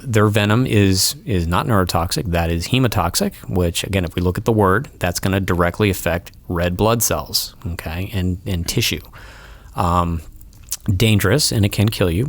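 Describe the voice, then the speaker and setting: A man's voice: low voice, no echo. A man, a wildlife removal expert, explaining pests to hosts in a casual studio interview, patient and full of ums and restarts. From Florida. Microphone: studio mic.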